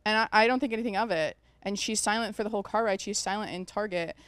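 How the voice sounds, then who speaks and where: A woman, a podcast guest, telling a story in casual chat, animated and quick to laugh. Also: medium pitch, smooth, no room sound.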